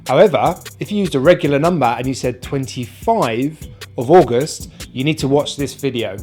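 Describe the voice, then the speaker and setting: A man with a British accent teaching an online pronunciation lesson, speaking slowly and modelling each sound one at a time. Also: mid-range voice, darkish tone, soft background music. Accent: British English, non-rhotic. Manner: slow, careful, demonstrates sounds one by one.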